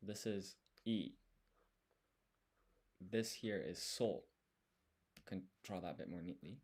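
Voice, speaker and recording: Slow, low-voiced man thinking aloud. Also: darkish tone, husky. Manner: unhurried, talks himself through each step. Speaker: language learner streaming his study. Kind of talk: thinking aloud while writing.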